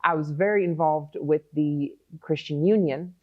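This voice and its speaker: Woman, podcast host, playful, rambling, very deep voice, a bit muffled. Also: moderate pace, no room sound. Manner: chatty, playful, rambling asides. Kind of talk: casual podcast interview.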